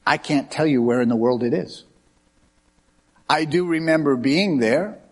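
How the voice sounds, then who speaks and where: A middle-aged man from the United States preaching a sermon as a pastor, telling lively stories with quoted dialogue. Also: on the high side, unhurried. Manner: animated anecdotes with quoted dialogue. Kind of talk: sermon with storytelling.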